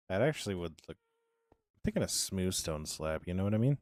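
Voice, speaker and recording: A low-pitched man chats with his stream audience while he plays, thinking aloud and humming little filler tunes. He sounds a bit under the weather and clears his throat now and then. His voice is recorded close and dry. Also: a little fast, no room sound. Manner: relaxed, mumbling to himself, humming filler sounds. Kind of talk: casual live-stream chat while gaming.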